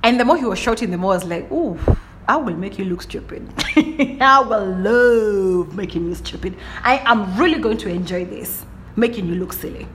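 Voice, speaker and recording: A young adult woman hosting her own podcast, telling stories in a lively, chatty way and often saying "like" and asking "do you understand?". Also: medium pitch, normal speed, slight background noise. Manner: animated storytelling, frequent "like" and "do you understand?". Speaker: podcast host. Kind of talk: casual solo monologue.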